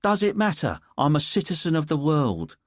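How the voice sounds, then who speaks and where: A man's voice: a little high, wildly swooping pitch, normal speed, no echo, clean studio sound, pitched above the performer's own voice. A man voicing a cagey, defensive male suspect with a London accent in an audiobook. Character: evasive cocky male rum seller from Essex.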